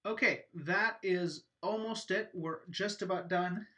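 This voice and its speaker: A man's voice: high-pitched, measured pace, sharp tone. A man teaching a lesson, explaining patiently and methodically with occasional fillers. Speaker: educator. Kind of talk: explanatory lecture.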